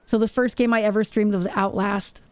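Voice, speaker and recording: A woman's voice: medium pitch, fairly even intonation, a little fast, a little mellow, clean tone, dry recording. A woman live-streaming from her home setup, chatting casually with her viewers in a rambling way and often repeating her phrases. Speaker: Twitch streamer.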